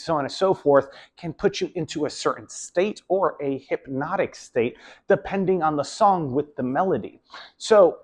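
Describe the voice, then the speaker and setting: A young man casually talking to camera with rambling advice, often trailing off with "so on and so forth". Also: on the high side. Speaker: video host.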